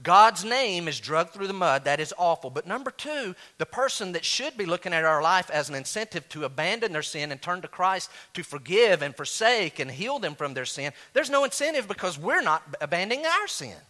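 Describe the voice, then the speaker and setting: A man preaching a sermon as pastor, animated, swinging from loud high exclamations down to low quiet asides. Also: a little fast, hardly any pauses.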